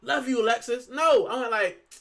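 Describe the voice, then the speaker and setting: A man's voice: extremely high pitch, moderate pace, fairly bright tone. A man from Puerto Rico hosting a football fan channel, talking casually and with animation, full of fillers and "bro". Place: lives in the UK.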